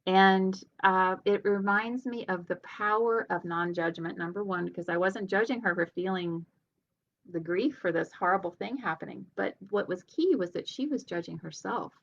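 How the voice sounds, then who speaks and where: A woman's voice: medium pitch, normal speed, dull audio. A woman speaking as a healer and leadership coach, giving an earnest, conversational motivational talk with light laughs.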